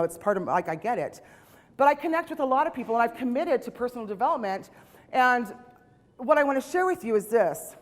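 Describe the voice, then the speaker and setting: A woman's voice: a little high, long reverb tail. A woman in her late fifties giving a chatty, self-deprecating motivational talk on stage, acting out the voices she quotes. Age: 50s. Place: stage in a large hall.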